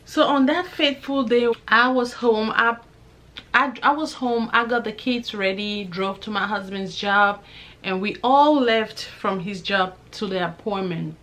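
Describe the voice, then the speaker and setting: A young woman vlogger telling a personal faith testimony in a lively, conversational way, acting out both sides of the conversations she recounts. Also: medium pitch, measured pace. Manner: religious, praises God while telling. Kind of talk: personal storytelling.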